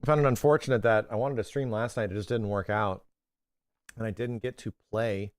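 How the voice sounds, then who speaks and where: A man livestreaming in casual chat with his audience, animated and rambling, swearing freely and calling people bro and dude. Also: fairly low pitch, fairly quick, clean tone, dry recording, studio quality.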